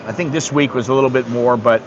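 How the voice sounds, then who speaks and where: A man's voice: medium pitch, fairly even intonation, fast, lo-fi sound, background noise. A man in his sixties from the United States, rambling bluntly and with some swearing in a casual livestream chat. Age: 60s. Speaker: streamer.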